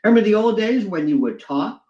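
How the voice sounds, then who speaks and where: Man, guest, animated storyteller, does impressions, roomy dull sound. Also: fairly quick. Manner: swings into high mimicking voices.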